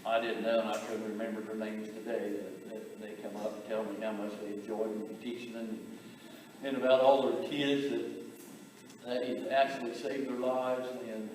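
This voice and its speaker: A man giving a eulogy for his brother, telling family stories in a halting way, repeating words and chuckling. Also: on the low side, little pitch movement, darkish tone, slight background noise. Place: memorial gathering in a large hall. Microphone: distant camera. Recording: echoey hall from far off.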